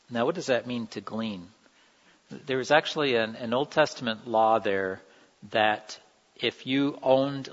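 Dull sound echoing in a reverberant hall carries a preacher's earnest, conversational sermon. His voice is mid-range and fairly bright in tone, and he dramatizes the quoted lines with feeling.

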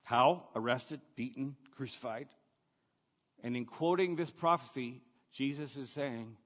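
A male pastor delivers an unhurried, conversational sermon, pressing his points with rhetorical questions. His voice carries a long reverb, as if it fills a large hall. The recording itself is a little dull. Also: medium pitch, a bit bright.

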